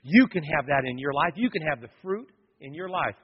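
A pastor delivers a dramatic, storytelling sermon straight to his congregation. This man has a fairly high, husky voice. The sound is a bit dull and lo-fi, with his words trailing off into the long reverb of a large church sanctuary. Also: animated, a little fast. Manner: dramatic storytelling preacher, addresses the congregation directly.

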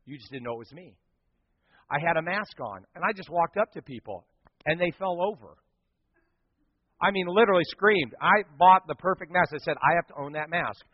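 High-voiced pastor in a reverberant hall. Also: male voice, moderate pace, husky. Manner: animated storytelling, acting out screams and quotes. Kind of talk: sermon. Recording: dull sound with long hall reverb.

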